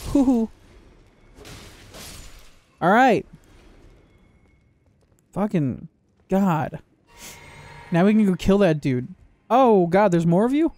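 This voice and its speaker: A man giving casual gameplay commentary, joking, swearing and reacting loudly to the game. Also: high-pitched. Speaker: gaming video creator.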